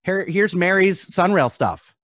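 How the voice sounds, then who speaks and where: A man hosts a podcast in relaxed, playful chat. His pitch swings about lively as he talks. Faint music sits in the background. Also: a little slow. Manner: playful, animated. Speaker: podcast host. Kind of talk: casual chat.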